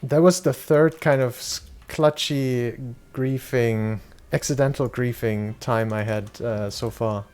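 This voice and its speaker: A man's voice: medium pitch, steady tone, takes it slowly, few pauses, a little mellow. A young German man chatting loosely with his viewers while playing a game, swearing casually and answering chat questions. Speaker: streamer. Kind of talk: casual live-stream chat.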